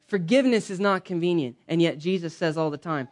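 A man preaching a conversational sermon in a church, punching some lines loudly and dropping others to a soft, low aside. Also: quick pace, few pauses. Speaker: pastor.

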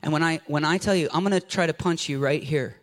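A man preaching an animated, jokey sermon to a congregation, acting out scenes with a volunteer from the audience. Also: a little high, fast talker. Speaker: pastor. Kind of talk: lively sermon with audience interaction. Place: church sanctuary before a congregation.

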